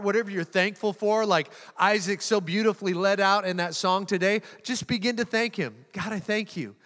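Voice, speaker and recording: A man's voice: high voice, pushed and bright. A man preaching a sermon as a pastor, moving into spoken prayer and repeating words as he builds emphasis. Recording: long hall reverb.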